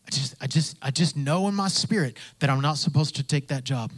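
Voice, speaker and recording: A man's voice: fairly high pitch, brisk, husky, dry recording. A man preaching a sermon in a conversational way, repeating phrases and acting out the voices he quotes. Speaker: pastor.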